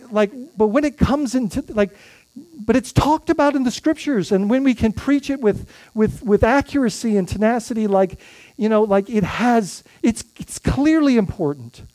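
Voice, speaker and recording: A man's voice: high voice, warm tone, dry recording. A male pastor preaching a sermon in a conversational way, often restarting phrases and adding tag questions.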